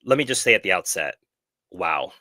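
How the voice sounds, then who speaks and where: A man's voice: low-pitched, sing-song, moderate pace, sharp tone, no room sound. Earnest man hosting a live stream. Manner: earnest, reflective, frequent self-corrections. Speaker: host of a film club live stream. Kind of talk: casual live stream discussion.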